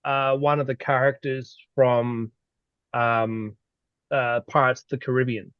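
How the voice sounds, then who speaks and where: A man in a casual chat speaks hesitantly in a mid-pitched voice, often pausing on fillers. The sound is dry and dull, like a lo-fi mic. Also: flat delivery, clean tone, no echo. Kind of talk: casual conversation.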